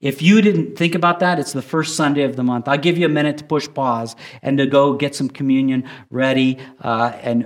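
A male pastor preaching a sermon to online viewers, reading scripture slowly and with emphasis. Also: mid-range voice.

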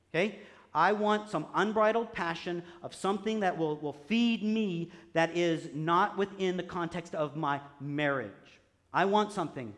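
A high-voiced man preaches in a loose, conversational way. He often checks in with "right?" and drops to quiet asides before rising to forceful exclamations. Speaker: pastor. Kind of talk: sermon.

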